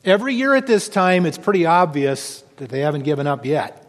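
A man, a pastor, reading scripture and preaching to his congregation in a church, in a steady, earnest voice. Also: fairly high pitch, brisk. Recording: long reverb of a church hall.

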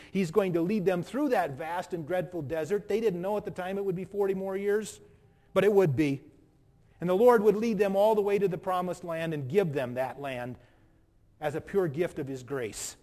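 A man preaching a sermon as pastor, with emphatic pauses and rhetorical questions. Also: high-pitched, a little mellow, in a large hall.

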